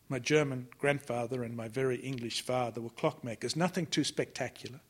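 Husky man reading literary fiction. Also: medium pitch, brisk, few pauses. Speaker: audiobook narrator. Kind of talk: scripted first-person literary narration.

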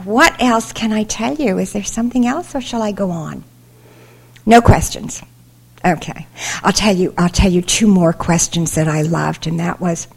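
An older woman, a children's author, telling funny stories to a young audience and then reading aloud from her book. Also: medium pitch. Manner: chatty, humorous, animated storytelling. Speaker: children's author visiting a school.

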